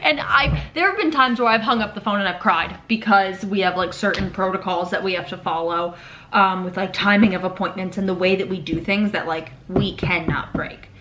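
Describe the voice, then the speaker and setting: A young woman talks straight to camera in a casual confessional chat. She is frank and animated, drops curse words freely, and acts out the things other people said to her. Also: medium pitch, normal speed, a little hiss or hum. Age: 20s. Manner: candid, animated, swears freely, acts out quotes. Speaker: vlogger; patient navigator.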